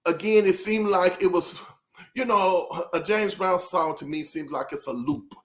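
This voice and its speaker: A man's voice: high-pitched, measured pace. A man hosting a casual album review, rambling and interrupting himself, often breaking into laughter and apologizing as he talks straight to his viewers. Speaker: music reviewer host.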